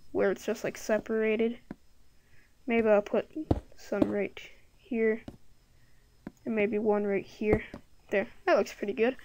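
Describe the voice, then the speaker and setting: Woman gamer, unhurried and rambly, casual commentary over a hissy computer mic. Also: fairly high pitch. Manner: rambling, thinks aloud, many filler "like"s. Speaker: gameplay video creator.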